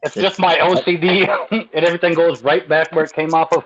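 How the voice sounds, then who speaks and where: A man's voice: a little high, little pitch movement, brisk, a crowd in the background. Easygoing man on dull lo-fi call audio. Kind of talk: casual chat.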